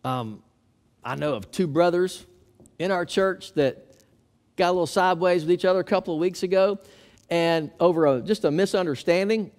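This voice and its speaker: A man's voice: high voice, a little mellow. A man preaching a sermon as pastor, building emphasis as he quotes and explains scripture.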